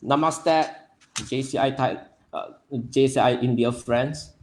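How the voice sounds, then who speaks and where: Young man, livestream host, casual chat, greets viewers by name, halting delivery with many fillers, mid-pitched voice. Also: steady tone. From Nepal.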